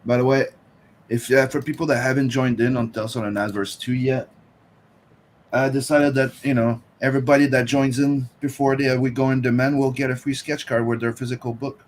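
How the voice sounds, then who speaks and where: A man's voice: medium pitch, flat delivery, brisk, slight background noise. A French-Canadian man co-hosting an art livestream, casually greeting viewers and chatting with fumbling restarts. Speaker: co-host.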